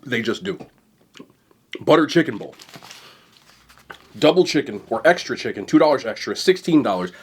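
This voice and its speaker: A young man hosts a casual food vlog, talking fast and excitedly to the camera between bites. His voice is a little husky, pitched in the middle range. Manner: fast, excited talk to camera while eating. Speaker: food vlogger.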